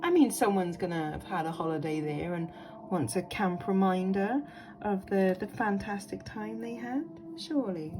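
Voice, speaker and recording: A woman's voice: medium pitch, moderate pace, background noise. A woman, chatting enthusiastically as she shows vintage jewellery in a casual vlog, thinking aloud with lots of ums. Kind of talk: casual show-and-tell vlog.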